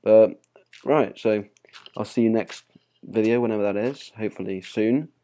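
A man's voice: lowish voice, moderate pace, dark tone. A young man with a Spanish accent, chatting casually with many fillers while playing a game on his channel. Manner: rambling and chatty, with many fillers and small laughs. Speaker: gaming channel host. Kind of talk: casual gameplay commentary.

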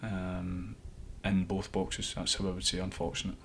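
A man's voice: sits low, completely flat delivery, moderate pace, fairly bright tone, slight background noise. A man, an assistant football coach, giving earnest interview answers and thinking aloud with frequent restarts.

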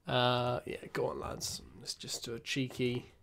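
A young man giving casual, self-mocking commentary while playing a football management game, muttering asides and breaking into excited outbursts. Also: mid-range voice, measured pace, pauses often. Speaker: gaming YouTuber.

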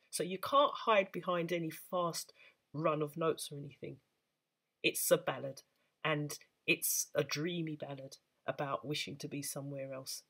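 Patient woman teaching beginner sax, bright and a touch husky. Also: deep voice. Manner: patient, encouraging, explains step by step. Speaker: saxophone teacher. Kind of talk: instructional talk to camera.

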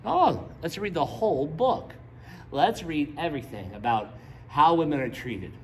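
Animated high-voiced man teaching scripture. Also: unhurried, a little hiss or hum. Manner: playful, jokes with the audience and acts out characters' lines. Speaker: pastor teaching a Bible study. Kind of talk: casual verse-by-verse Bible teaching.

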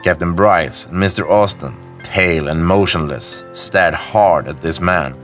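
A man narrating a classic story in a measured, slow storytelling manner. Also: low voice. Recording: faint music bed behind the voice. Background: soft background music.

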